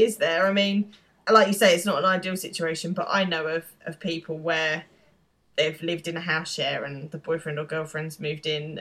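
Female co-host, lowish pitch, relaxed and chatty, quick to laugh. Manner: chatty, laughing, lots of ums and yeahs. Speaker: podcast co-host. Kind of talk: casual chat recapping a TV episode.

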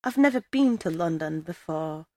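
A woman's voice: low-pitched, animated, moderate pace, mellow, no room sound, studio quality. A woman reading as a timid, tearful young country girl. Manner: choked, hesitant, timid.

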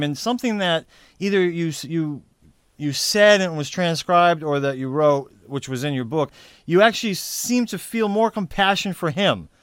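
A man's voice: a little high, a bit bright, clean tone, dry recording. Casual male podcast host, dry sound. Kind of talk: interviewing and closing remarks. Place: home studio.

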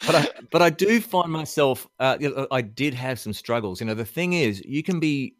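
A man's voice: mid-range voice, normal speed, no room sound, clean studio sound. A man with an Australian accent, chatting as a podcast guest and telling stories with lots of laughs. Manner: animated storyteller who laughs often and acts out quotes. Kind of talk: casual chat.

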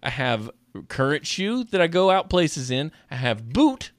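A man's voice: a little high, big pitch swings, unhurried, no echo, studio quality. A young man, co-hosting a podcast in casual chat, rambling and joking as he tells stories. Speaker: podcast co-host.

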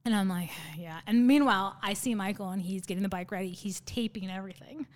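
A woman's voice: medium pitch, quick pace. Chatty, sarcastic woman telling a story. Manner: sarcastic, by her own account; chatty, with many fillers and laughs. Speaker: interview guest. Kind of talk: casual conversational storytelling.

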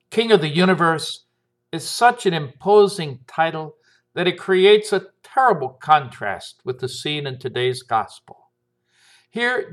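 A man's voice: on the high side, a bit bright. A priest with an American accent reading a gospel passage and giving a short homily, lifting his voice for the quoted speech.

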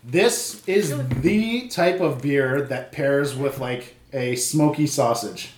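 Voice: medium pitch, takes it slowly. A co-host joking and swearing in loose banter at a beer tasting. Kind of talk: casual crude banter. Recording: echoey room with background noise.

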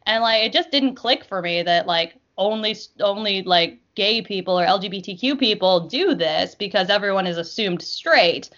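A young woman talking casually, full of filler words and animated retellings. Her voice sits at a middle pitch. The recording is a little dull and lo-fi. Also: moderate pace, hardly any pauses. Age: young adult. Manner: chatty, lots of fillers, animated storytelling. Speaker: podcast guest. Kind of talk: casual chat.

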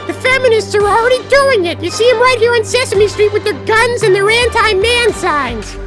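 A performer voicing a male red puppet monster who rants paranoid conspiracy theories in a squeaky falsetto, over music. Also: animated, normal speed. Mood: ranting. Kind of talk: parody ad with music. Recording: loud music behind.

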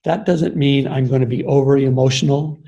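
Gravelly older man giving an earnest talk. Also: medium pitch, steady tone, brisk, warm tone, muffled recording. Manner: earnest, explanatory, with frequent ums and restarts. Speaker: speaker on embodied leadership. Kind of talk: reflective talk.

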